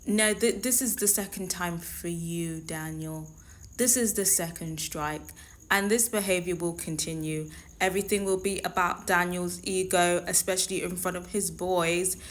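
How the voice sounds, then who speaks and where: A woman speaks in a slightly low voice, hosting her own commentary show. She talks in a conversational, emphatic and opinionated way, pressing her points home. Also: fairly even intonation, normal speed. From London. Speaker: show host. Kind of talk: reality TV commentary.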